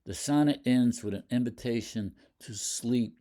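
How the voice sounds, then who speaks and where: A man lecturing on poetry, talking deliberately, with fillers and restarts. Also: medium pitch, warm tone. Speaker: literature lecturer. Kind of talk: explaining poetry.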